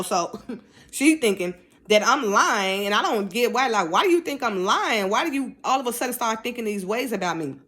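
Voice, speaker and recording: A middle-aged woman casually telling a personal story, acting out the dialogue in a raised voice. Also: mid-range voice. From United States. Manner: animated, acts out dialogue in raised voice.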